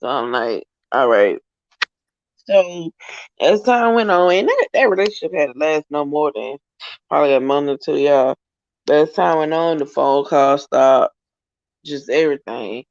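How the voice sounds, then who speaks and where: Young woman, co-host, gravelly, rambling slangy storytime, dull lo-fi sound. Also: deep voice, lively intonation, normal speed, a little mellow, no echo. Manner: rambling, slangy, keeps correcting herself. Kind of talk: casual storytime chat.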